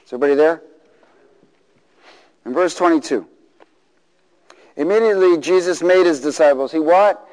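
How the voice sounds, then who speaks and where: A middle-aged man preaches to his congregation in a voice pitched a little high, calling for responses and acting out the people in his story. His words ring with the long reverb of a large hall. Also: moderate pace, pauses often. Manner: animated, call-and-response, acts out voices. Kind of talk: sermon. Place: church hall.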